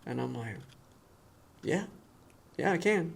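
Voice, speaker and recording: A man telling a story in casual conversation, animated and acting out the voices of the people in it. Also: fairly high pitch, takes it slowly, creaky. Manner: animated storyteller who acts out quoted voices. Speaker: guest.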